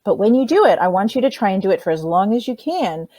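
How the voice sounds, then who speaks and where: A woman calmly teaching children simple breathing steps in a workshop lesson, speaking plainly and straight to them. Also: medium pitch, fast talker, no echo. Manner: demonstrates by breathing sounds.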